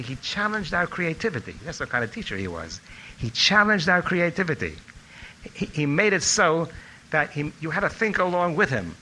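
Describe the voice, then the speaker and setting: A man's voice: on the high side, a little hiss or hum, rough recording. An older man telling anecdotes about his former teacher in a reminiscing speech. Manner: storytelling, animated when quoting others. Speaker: former student giving a tribute talk.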